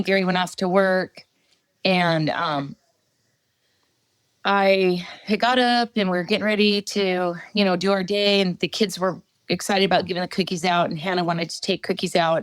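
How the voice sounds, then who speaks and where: A middle-aged woman giving a personal testimony as a podcast guest, halting storytelling with many fillers. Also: fairly low pitch, no room sound.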